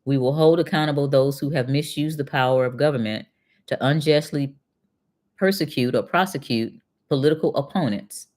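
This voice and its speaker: A middle-aged woman with a very deep, darkish voice speaks at a moderate pace while hosting a casual commentary. A retired accountant who runs the channel, she reads passages aloud and follows each with pointed, conversational questions for her viewers.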